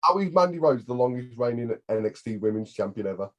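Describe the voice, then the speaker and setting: A man's voice: mid-range voice, lively intonation, fast. A man co-hosting a wrestling review podcast, wry and teasing in casual chat. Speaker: podcast co-host.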